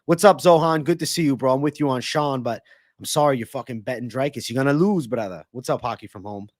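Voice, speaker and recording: A man's voice: mid-range voice, quick pace, no room sound. A male livestream host breaks down fights and riffs with his chat in a loose, profane, hyped way. His voice sits in a middle register. The sound is dry and close, with no room around it. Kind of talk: live-streamed fight predictions and chat.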